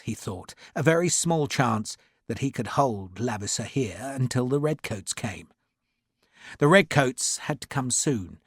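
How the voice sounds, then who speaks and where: A male audiobook narrator delivering dramatic historical fiction, his voice climbing and falling with lively movement. The recording is dry and close, with no room sound at all. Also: medium pitch, slightly rough, dry recording. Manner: vivid, dramatic storytelling. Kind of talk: scripted narration.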